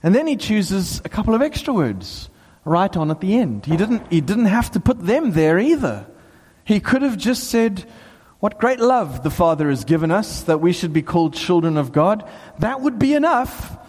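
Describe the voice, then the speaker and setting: A man preaching a sermon to a small gathering, talking with lively excitement and bursts of emphasis. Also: sits high, moderate pace, hardly any pauses, slightly rough. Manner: animated, bursts into excited shouts and laughs. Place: small hall with a few people. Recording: long hall reverb.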